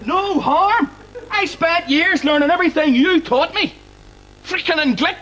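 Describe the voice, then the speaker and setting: An actor with a Belfast accent playing a naive young son, plaintive and whiny. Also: male voice, extremely high pitch, a little slow, pushed and bright, a little hiss or hum, exaggerated voice, low-quality recording. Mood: indignant. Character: dim-witted young adult son. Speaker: sitcom character. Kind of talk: sitcom acting.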